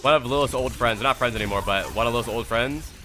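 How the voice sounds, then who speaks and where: A man's voice: medium pitch, fast talker, noisy background. A young man from the US East Coast reviewing gameplay on a live stream, talking to chat in a blunt, profane and casual way. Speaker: streamer and coach.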